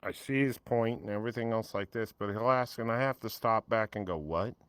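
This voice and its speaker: An older man with a fairly low voice talks bluntly and swears freely as he tells his stories. The recording is dry and close, with no room sound. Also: fairly even intonation, fairly quick, fairly bright tone, clean tone, dry recording. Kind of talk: casual podcast chat.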